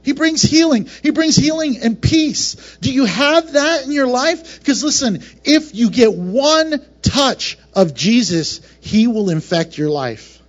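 A man with a high voice preaches with passion, swinging from soft, low moments to bright, raised ones and tossing in playful acted asides. The sound is muffled and lo-fi. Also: lively intonation, takes it slowly, hardly any pauses. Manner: passionate, varied delivery with laughs and acted asides. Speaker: pastor. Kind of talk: sermon.

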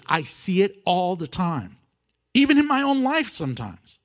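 A man preaching a sermon, animated, swinging from loud emphasis to hushed, intimate asides and acting out prayers with humor. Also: a little high. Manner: acts out prayers and voices with humor. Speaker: pastor.

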